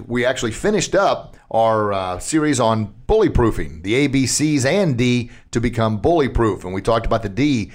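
A middle-aged man hosting a podcast from a studio, talking casually and upbeat, laughing at his own slips. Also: mid-range voice. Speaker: podcast host. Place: recording studio.

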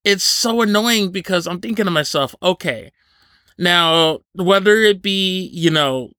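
Chatty bright-voiced man hosting an interview. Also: high-pitched, measured pace, clear, resonant tone, dry recording. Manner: chatty, laughs often, many fillers. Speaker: podcast host. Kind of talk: casual interview chat.

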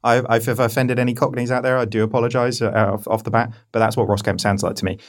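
A man hosting a casual podcast chat, chatty and quick with jokey asides as he asks his questions. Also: mid-range voice, little pitch movement. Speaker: host, interviewer.

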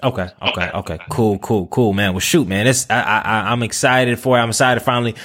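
Here a podcast host talks a little fast in a lowish, slightly bright voice with fairly even intonation. He's eager and friendly but keeps stumbling into repeated words and restarts, addressing his guest as "man" and "bruh".

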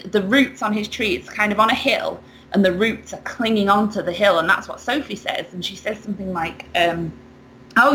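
Woman, chatty storyteller, bright voice, faint hiss. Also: medium pitch, rough recording. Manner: animated storyteller, laughs often. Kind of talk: casual chat.

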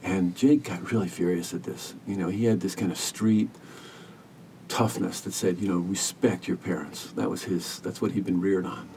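Gravelly, low-voiced man telling a story. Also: steady tone, far from the mic, a little hiss or hum. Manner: earnest, gentle, measured storytelling. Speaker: hospice caregiver, podcast guest. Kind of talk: reflective storytelling interview.

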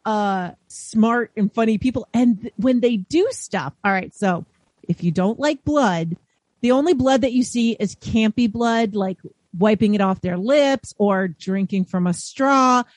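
A woman's voice: mid-range voice, unhurried, a little mellow, no echo. A woman co-hosting a podcast, chatting enthusiastically about movies and laughing often. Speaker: podcast co-host. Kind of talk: casual chat about movies.

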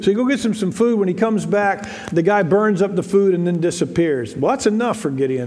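A man's voice: sits high, animated, brisk, hardly any pauses, darkish tone. A man preaching a sermon as pastor, in a conversational way that repeats phrases and acts out quoted voices. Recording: reverberant hall.

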